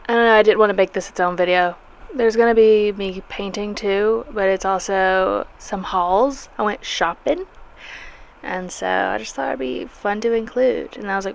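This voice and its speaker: Rambling young woman with a Southern accent. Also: medium pitch. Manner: rambling, self-deprecating, restarts sentences. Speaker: vlogger. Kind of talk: casual chatty vlog narration.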